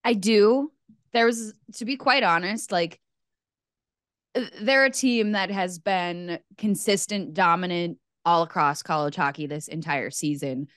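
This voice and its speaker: Woman cohost talking hockey, smooth clear voice, a bit low, matter-of-fact. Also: measured pace, fairly bright tone, no echo, studio quality. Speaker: podcast co-host. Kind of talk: casual sports chat.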